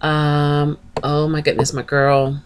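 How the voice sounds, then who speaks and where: Woman vlogger, low unhurried voice, chatty and gushing; casual shout-out delivery. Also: monotone, slight background noise. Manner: chatty, gushing, spells out names. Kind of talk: casual chat, shouting out channels.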